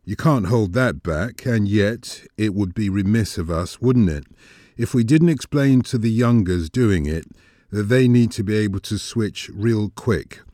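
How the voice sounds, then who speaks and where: A man's voice: on the low side, measured pace, warm tone, no echo, clean studio sound. A man hosting a podcast, narrating in rhythmic, rhyming spoken word. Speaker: podcast host.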